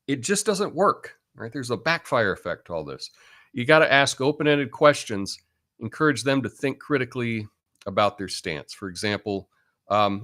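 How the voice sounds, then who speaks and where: A man's voice: mid-range voice, very animated, normal speed, a bit bright. A man hosting a live talk show in a casual, blunt monologue, tagging his points with "right?" and laughing at his own asides. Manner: chatty and blunt, tags lines with "right?". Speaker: host.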